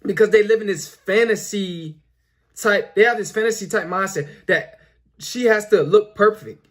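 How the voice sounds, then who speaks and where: Young male host, high voice, preachy and repetitive, filler-heavy casual monologue. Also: moderate pace. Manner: repetitive, preachy, lots of "you know" fillers. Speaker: commentary video host.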